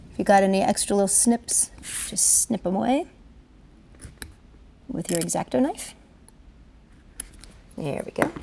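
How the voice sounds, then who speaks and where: A woman at a middling pitch narrates a hands-on craft tutorial, explaining each step as she does it. Her talk is chatty and encouraging, with a little faint noise in the background. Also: creaky, darkish tone. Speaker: children's event planner and craft entertainer.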